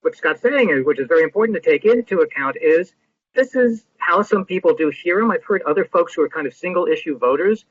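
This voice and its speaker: A man joining a group discussion with measured, thoughtful remarks. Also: on the high side, expressive. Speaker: discussion participant. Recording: husky voice over a tinny phone-like line.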